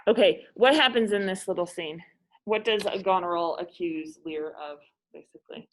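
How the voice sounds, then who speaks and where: A woman's voice: lowish voice, moderate pace, poor audio. A woman hosting a casual literature discussion, chatty, retelling scenes in everyday speech.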